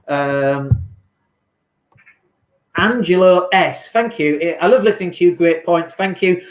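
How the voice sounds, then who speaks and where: A man who invests in property, talking casually on a livestream from home, rambling and reading viewer comments aloud. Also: a little high. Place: home in lockdown. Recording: echoey room.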